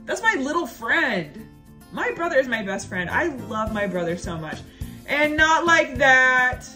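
A woman's voice: fairly high pitch, very animated, moderate pace, pushed and bright, soft background music. A young adult woman, a stand-up comedian, talking to camera in a sassy, playful monologue and stretching words out for emphasis.

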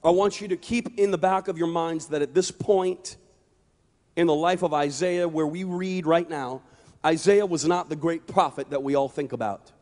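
A man preaching an evangelistic sermon with impassioned delivery that builds to shouts. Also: fairly high pitch, normal speed. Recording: long hall reverb.

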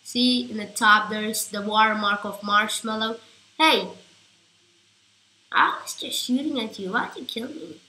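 This is a woman giving live gameplay commentary, rambling along and quick to get excited. Her voice is bright and a touch high. The recording has an echoey room sound. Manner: chatty, rambling, gets excitable and shouty. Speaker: gaming YouTuber.

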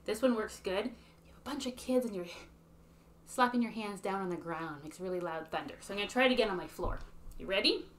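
A woman's voice: medium pitch, a little fast, slight background noise. Woman leading a kids' sing-along. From Canada. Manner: sings simple children's songs, chatty asides to kids. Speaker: early years program leader. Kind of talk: children's song and rhyme circle. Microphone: webcam or phone.

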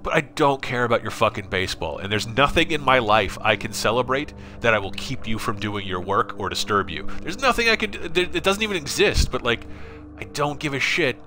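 This streamer's medium-pitched voice sounds pushed and bright. Hosting a laid-back gaming stream from his apartment, he rambles, swears a lot and reads viewers' comments out loud.

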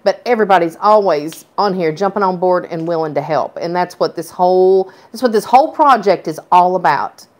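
A woman co-hosting a casual chat, talking eagerly and halting as she searches for words. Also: fairly low pitch.

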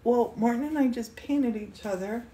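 A painting livestream host in an indoor studio gets teary as she gushes over a gift, exclaiming frequently in an emotional, casual way. Her fairly high voice is warm and moves at a moderate pace.

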